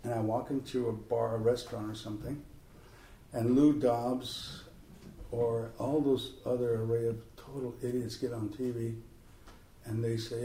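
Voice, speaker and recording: Gravelly man speaking in a roomy hall. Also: medium pitch, unhurried, recorded from a distance, a little hiss or hum. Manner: animated, jokey, slips into impressions. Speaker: author at a book talk. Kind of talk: talk and Q&A to a live audience.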